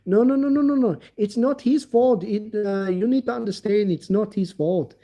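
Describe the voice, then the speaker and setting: A man's voice: normal speed, dark tone, muffled recording. A man voicing an insistent, dismissive ride company agent who keeps repeating denials. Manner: repeats denials, high and pushy.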